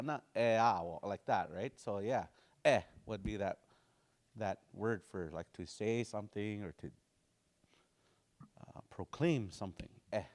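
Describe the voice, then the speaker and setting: A man teaching a language class, slowly repeating phrases to drill pronunciation, with casual, folksy explanations. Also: on the low side, darkish tone.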